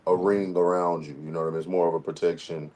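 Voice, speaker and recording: A man's voice: deep voice, little pitch movement, fast, darkish tone. A man in his thirties co-hosting a casual chat, talking in a loose, slangy, rambling way and sounding sleepy. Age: 30s. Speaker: co-host.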